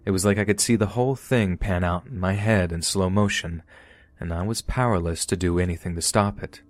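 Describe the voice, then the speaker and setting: A man narrating a true horror story for a podcast in a steady, storytelling manner. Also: deep voice, a little fast, no room sound.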